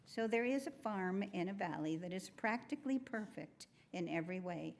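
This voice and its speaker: A woman reading a children's story aloud at a worship service in a gentle, unhurried way. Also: on the low side, lively intonation, vocal fry, slight background noise.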